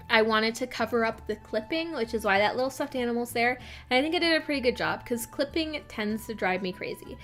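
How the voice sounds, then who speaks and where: A woman's voice: fairly high pitch, a bit bright. Giggly young woman gushing casually. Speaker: game builder vlogger. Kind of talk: casual chat over a build. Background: faint background music.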